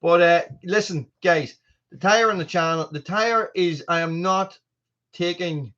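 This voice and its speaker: An Irish man from Ireland hosts a live stream as the channel host, chatting casually while reading viewer comments and often restarting his sentences. His voice is high-pitched, a little slow, and fairly bright, with lo-fi sound.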